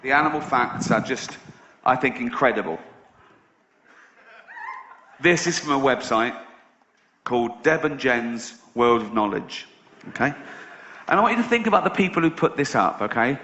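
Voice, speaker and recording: Sarcastic English comedian on a muffled stage recording. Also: male voice, medium pitch, animated, moderate pace, long pauses, pushed and bright, reverberant. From England. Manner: sarcastic, incredulous, swears freely. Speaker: stand-up comedian. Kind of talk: stand-up comedy routine. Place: large theatre stage before an audience. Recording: muffled live theatre recording with noise.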